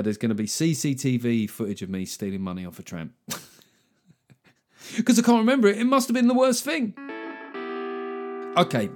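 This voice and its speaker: Man, podcast host, medium pitch, joking banter, teasing asides, casual chat. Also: a little mellow.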